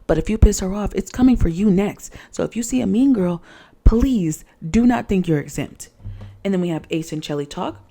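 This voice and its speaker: A woman's voice: medium pitch, lively intonation, normal speed, gravelly, mellow. A woman recapping a reality dating show in a chatty, sassy way, with lots of fillers and asides to viewers.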